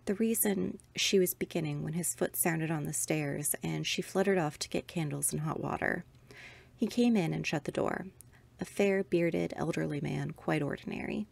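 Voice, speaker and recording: A Victorian ghost story is read aloud by a female podcast host whose voice sits low and sounds gravelly. Her delivery is measured yet expressive.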